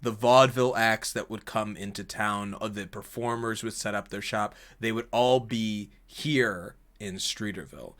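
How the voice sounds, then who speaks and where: A man narrating as game master of a tabletop game, energetic and rambling with frequent fillers. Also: lowish voice. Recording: online stream.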